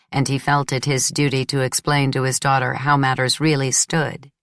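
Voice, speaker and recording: A woman narrating a novel in the first person in a measured, introspective way. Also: low voice, dry recording, clean studio sound. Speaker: audiobook narrator.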